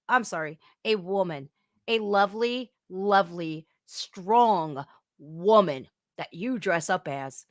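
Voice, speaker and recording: A woman's voice: medium pitch, no room sound. Woman, reaction host, blunt, scolding, dry close sound. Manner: blunt, scolding, laughs loudly. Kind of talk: casual commentary reacting to a video clip.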